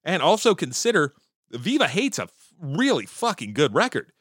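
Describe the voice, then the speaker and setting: A man talking in a casual, opinionated monologue about music history, swearing often and jumping up in pitch whenever he gets excited. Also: normal speed, husky, dry recording, clean studio sound. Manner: profane, opinionated and animated, with frequent swearing; pitch jumps high when excited.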